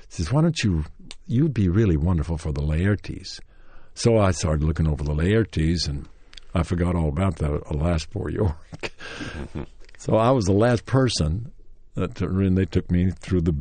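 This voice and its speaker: A man's voice: low-pitched, warm tone, slightly rough, no echo. An older man with a Tennessee accent telling a long, rambling story about his early acting days, full of restarts and chuckles, who acts out quoted lines in a livelier voice. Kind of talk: anecdotal storytelling interview.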